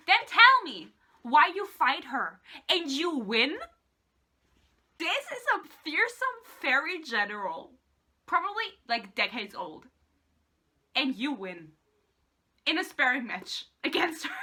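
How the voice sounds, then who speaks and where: A woman's voice: high-pitched, very animated, unhurried, pushed and bright. A young woman vlogger reviewing a book in a sarcastic, exasperated rant, swearing freely and reading passages aloud.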